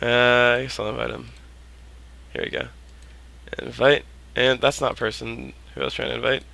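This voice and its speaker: A man's voice: medium pitch, fairly even intonation, moderate pace, creaky, bright, forceful tone. A man streaming a game, chatting casually with lots of "like" and "uh" fillers. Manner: rambling, lots of likes and uhs, drops to a mutter. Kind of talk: casual gaming stream chat.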